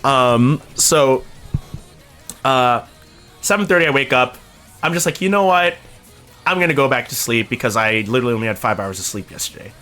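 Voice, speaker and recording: Telling a casual story to his stream chat, a young man from Canada talks at a moderate pace with frequent pauses, faint music playing behind him. He's lively, drops the occasional swear word, and performs quotes with sharp pitch leaps.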